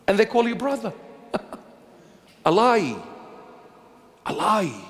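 A bishop preaching a sermon in a church, emphatic and repetitive, swinging between loud insistence and hushed low phrases. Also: male voice, sing-song, slow, long pauses. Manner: emphatic, repetitive, dramatic swings in pitch and loudness. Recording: long reverb of a large church.

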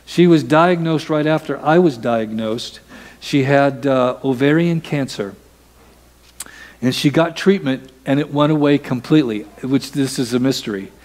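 A man's voice: medium pitch, measured pace, darkish tone, in a large hall. A man preaching a sermon as pastor, talking in a conversational way and acting out quoted voices. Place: church sanctuary.

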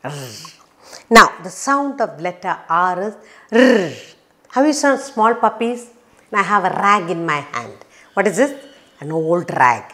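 A woman teaching phonics to young children, saying each word slowly and clearly, with a playful sing-song and sound effects. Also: medium pitch, animated, fairly bright tone.

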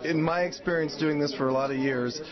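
A man's voice: a little high, fairly even intonation, brisk. Male interviewer over crowd noise. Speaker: entertainment interviewer. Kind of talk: press interview questions. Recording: muffled audio, crowd noise.

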